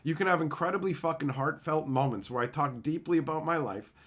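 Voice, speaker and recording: A man chatting casually with viewers on a live stream, profane, animated and openly emotional. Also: fairly high pitch, a little fast.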